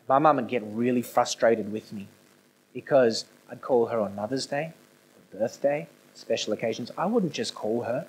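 A male pastor giving a conversational sermon, moving between quiet, intimate passages and raised, emphatic ones. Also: mid-range voice, breathy edge, low-quality recording. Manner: conversational preaching with swings from soft to emphatic. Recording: no video, audio only.

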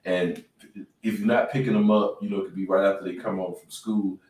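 A male instructor reading child-safety tips aloud on a panel show, halting and correcting himself as he goes. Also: low voice, steady tone, darkish tone. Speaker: self-defense instructor. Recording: roomy sound from a distant mic.

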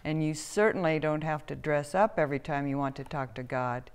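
A woman voicing a kind, gentle female storybook character who speaks approvingly and giggles. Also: low voice, steady tone, fairly quick, clean tone, close to an everyday voice. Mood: sheepish.

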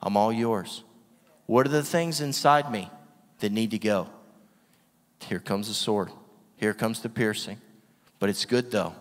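A man's voice: on the low side, a little slow, long pauses. Man, sermon, emphatic, rhetorical questions, church hall reverb. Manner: energetic, emphatic, laughs often, rhetorical questions. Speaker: guest preacher.

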